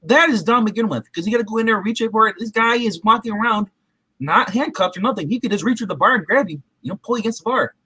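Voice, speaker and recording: A man's voice: sits high, fast talker, pushed and bright, slightly rough, no echo, poor audio. A man reviewing a movie in casual chat, rambling with frequent restarts and fillers.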